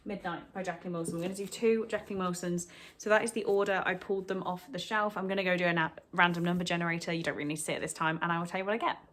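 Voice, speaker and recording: A chatty young book vlogger talks casually at home, partly from bed, in a steady, fairly bright voice on the low side. She's candid and talkative, slipping into quick rambling asides.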